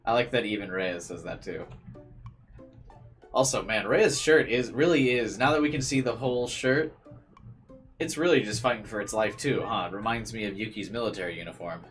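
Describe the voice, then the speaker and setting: A man with a fairly low voice chats his way through a visual novel playthrough. He reads the game's text aloud and comments on it in an amused, easygoing way. Soft music plays underneath. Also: normal speed. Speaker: streamer reading a visual novel.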